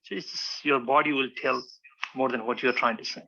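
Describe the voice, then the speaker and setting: A man's voice: mid-range voice, fairly even intonation, fairly quick, creaky, sharp tone, dull audio. A man teaching a public speaking lesson, acting out examples with many restarts. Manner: demonstrative, acts out examples, frequent restarts. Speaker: public speaking club instructor. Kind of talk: informal teaching talk with slides.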